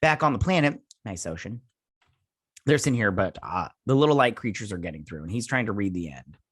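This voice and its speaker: This man's voice is lowish and slightly rough, brisk with lively intonation, in a clean, dry studio recording. As a review channel host, he rambles through a casual recap of an episode with hesitations, many fillers and restarts, occasionally putting on playful character voices.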